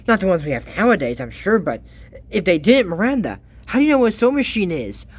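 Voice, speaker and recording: Brief: lively cartoon recap host, middle pitch, swinging voice, exasperated comic asides. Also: quick pace, slightly rough. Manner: animated, exasperated, laughing asides. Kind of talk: casual comedic commentary.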